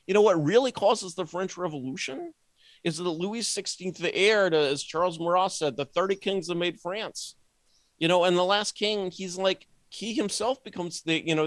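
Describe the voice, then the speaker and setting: A man's voice: sits high, no room sound. Rambling, sardonic man on a podcast. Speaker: podcast guest. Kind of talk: casual podcast conversation.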